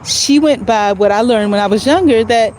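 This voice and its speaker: A woman's voice: on the high side, moderate pace, a little mellow, a little hiss or hum, rough recording. A woman talking to her viewers in a casual, rambling vlog while walking outside, earnest and emotional. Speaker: vlogger speaking to viewers. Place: outdoors on a street, walking.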